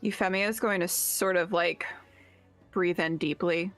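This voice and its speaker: A young woman player describes what her character does, hesitant and full of fillers. Her voice is somewhat low for a woman, with faint music behind her. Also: fairly even intonation, measured pace, a bit bright. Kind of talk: playing a tabletop game.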